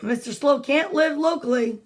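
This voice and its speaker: A woman's voice: sits high, moderate pace. A woman reading children's picture books aloud at home, chatty and playful, breaking off into side comments and whispers. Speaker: children's story reader.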